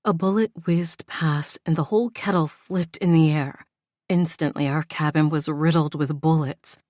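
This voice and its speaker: Low-voiced woman narrating an audiobook. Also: steady tone, moderate pace, a little mellow, dry recording, clean studio sound. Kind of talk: first-person romance audiobook narration.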